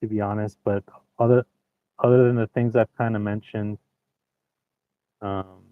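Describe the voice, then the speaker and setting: A man, a podcast guest, chatting in a relaxed, agreeable way over a remote call. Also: fairly low pitch, a little slow, no echo. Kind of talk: casual chat. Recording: dry tinny phone-like call line.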